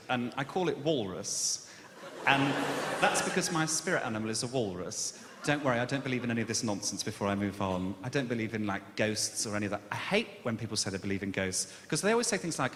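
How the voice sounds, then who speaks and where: A man's voice: medium pitch, very animated, fast, background noise. A man from Birmingham doing a stand-up comedy set, camp and self-mocking in a sardonic storytelling way. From Birmingham, England. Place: comedy club stage. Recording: echoey live room with long reverb. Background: loud audience ambience.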